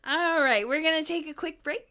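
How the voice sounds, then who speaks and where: A woman's voice: high-pitched, moderate pace, pushed and bright. A woman co-hosting a podcast in casual chat, laughing often as she talks. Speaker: podcast co-host.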